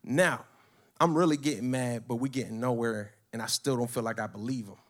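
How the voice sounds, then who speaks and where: A man telling a story in a brash, profane, animated way. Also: mid-range voice, a little fast. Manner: brash, swearing, animated retelling.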